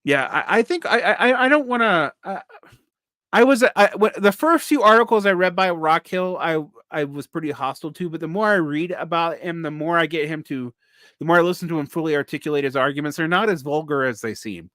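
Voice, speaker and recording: A man with a Southern US accent hosting a live solo vlog, talking casually and haltingly, with many restarts. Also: a little high, lively intonation, bright, forceful tone, no room sound, clean studio sound. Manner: halting, with frequent restarts and fillers. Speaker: vlog host.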